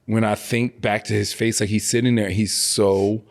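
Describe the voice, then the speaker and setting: A man in his forties with a low, deep voice, speaking candidly as an interview guest. He talks in a loose, casual way full of fillers, and slows and softens when he reaches painful memories. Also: level tone. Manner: emotional, open, slows on heavy moments.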